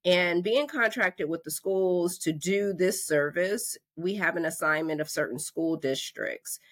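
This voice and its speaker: A woman in her forties from North Carolina, hosting a podcast and telling a story in a lively, conversational way, acting out the voices in her quotes. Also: on the low side, unhurried. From North Carolina, USA. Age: 40s. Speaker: podcast host. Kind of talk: casual storytelling monologue.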